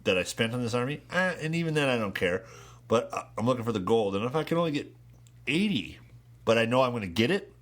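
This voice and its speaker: A man in an easygoing podcast chat, talking at a middle pitch with a rambling, repeat-and-restart flow. He swears casually and laughs often as he tells his stories. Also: very animated, fast. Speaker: podcast co-host.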